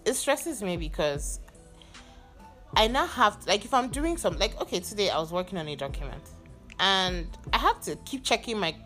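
A young woman with a Nigerian accent vents on her solo podcast, exasperated and swearing freely. Her fairly low voice swings widely up and down as she tells it. Soft music plays faintly underneath. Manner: exasperated, animated storytelling with swearing. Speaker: podcast host. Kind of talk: casual solo venting monologue.

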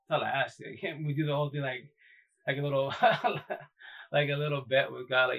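Man, casual livestream talk, rambling, profane, emphatic, mid-pitched. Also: moderate pace, a bit bright, rough recording. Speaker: livestream host.

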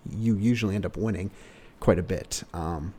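A man's voice: low-pitched, normal speed, mellow. A male car salesperson giving casual sales advice in a rambling way, full of "you know" fillers.

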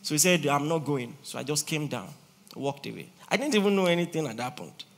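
A man preaching a sermon as a pastor, animated and teasing, swinging between loud and soft. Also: a little high, quick pace, creaky.

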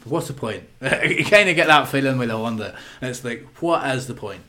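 A man's voice: mid-range voice, lively intonation, moderate pace, pushed and bright. Blunt, sweary man on a podcast. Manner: blunt, sweary, laughs often, acts out quotes. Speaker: podcast co-host. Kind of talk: casual chat.

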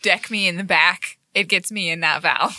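A hesitant woman player explaining her character's moves in a tabletop game. Her voice is lowish yet bright, in a dry, close sound. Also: steady tone, moderate pace, dry recording.

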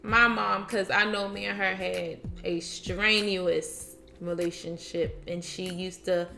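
A woman's voice: lowish voice, steady tone, takes it slowly, gravelly, bright, forceful tone, echoey room, faint music behind. A woman in her twenties, a podcast guest, telling a candid, rambling story with lots of self-corrections in a casual chat.

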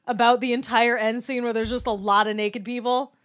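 Woman, fairly high voice, casual podcast chat, swears freely, laughs a lot, acts out quotes. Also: little pitch movement, brisk, a bit bright. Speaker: podcast co-host. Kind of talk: casual movie discussion.

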